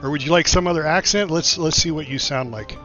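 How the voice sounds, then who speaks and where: Man streamer, bright forceful voice, chatty gameplay commentary, dull lo-fi mic with faint music behind. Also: fairly high pitch, brisk. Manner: chatty, thinking aloud with many fillers.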